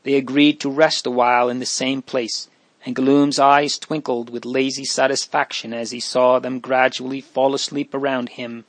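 A man reads a storybook aloud at a calm, unhurried pace, his voice sitting in a middling register. The sound is close and dry, with no room around it. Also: mid-range voice, no room sound. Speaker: audiobook narrator. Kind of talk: storybook reading.

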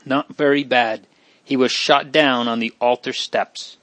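An earnest teenage boy speaks with quiet pride, voiced by a man reading. His tone is steady and sincere. The sound is dry and close. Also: mid-range voice, measured pace, dry recording, natural voice. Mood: proud.

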